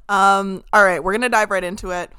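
A woman's voice: medium pitch, pushed and bright, smooth, no echo. Woman, podcast host, upbeat, joking, dry close sound. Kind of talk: casual sports podcast chat.

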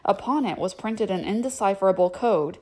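A woman's voice: medium pitch, a little fast, mellow. A woman reading a novel aloud, breaking off for chatty, filler-heavy asides. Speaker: reader. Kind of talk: audiobook reading with casual asides.

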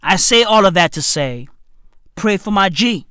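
Woman, comic rant, loud and profane, lively swooping pitch, slow delivery. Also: smooth, no echo. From South Africa. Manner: loud, profane, exclamatory slang.

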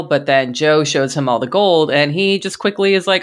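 A woman's voice: low-pitched, normal speed, hardly any pauses. A woman hosting a podcast, recapping a film in casual chat, swearing freely and laughing in disbelief. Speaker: podcast host.

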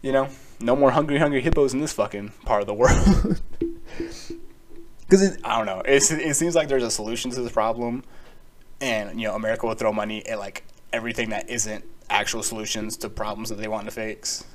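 A man's voice: medium pitch, brisk. A young man hosting a solo podcast, rambling casually with lots of swearing, filler words and sarcastic asides. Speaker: podcast host.

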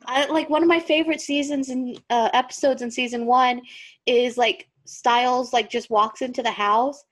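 Animated, giggly woman host. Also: sits high. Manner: animated, giggly, quick to laugh. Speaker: podcast host and reader. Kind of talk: casual chat and reading fan fiction aloud.

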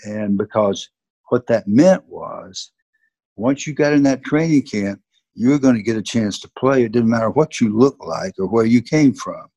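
Older Southern man, husky and earnest. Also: mid-range voice, animated, normal speed, mellow, no echo, dull audio. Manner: earnest, emphatic. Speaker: former football coach, interview guest. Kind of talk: reflective storytelling in an interview.

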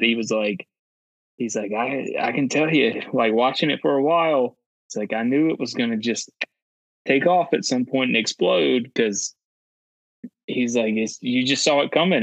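A man's voice: mid-range voice, creaky, fairly bright tone, no room sound, poor audio. A man co-hosting a podcast, chatting casually and rambling through quotes from a friend. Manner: rambling, relays quotes with many "he's like". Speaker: podcast co-host. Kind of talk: casual chat.

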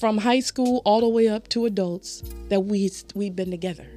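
A woman's voice: mid-range voice, moderate pace, faint music behind. A woman, a podcast guest who tells her story in casual chat and animates it. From Southern United States. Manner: animated, acts out quoted voices.

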